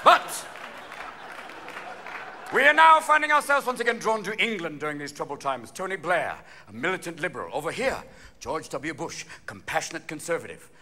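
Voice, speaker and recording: Manic stand-up comic, bright and lively. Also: male voice, on the high side, a faint crowd, slight background noise. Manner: rapid, manic, jumping between many put-on voices. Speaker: stand-up comedian. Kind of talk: live stand-up comedy. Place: large theater with live audience. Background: audience laughter.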